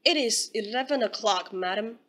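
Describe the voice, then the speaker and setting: A woman's voice: a little high, moderate pace, fairly bright tone. A woman voicing a stiff, proper male courier in an audiobook, speaking coolly and formally. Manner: frigid, formal.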